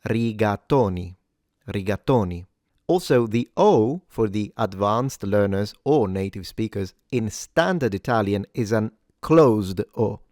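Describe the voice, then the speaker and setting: A man hosting a pronunciation lesson, repeating words slowly and carefully and then explaining them. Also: lowish voice, lively intonation, a little mellow, dry recording, studio quality. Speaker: pronunciation teacher, host.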